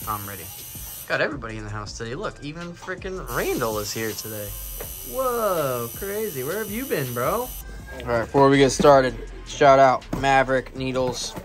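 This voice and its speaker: A man's voice: mid-range voice, moderate pace, music in the background. A man talking casually to the camera about feeding his reptiles and tattooing, chatting to his animals. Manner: energetic, talks to his animals. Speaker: tattoo artist and reptile keeper. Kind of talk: casual vlog narration.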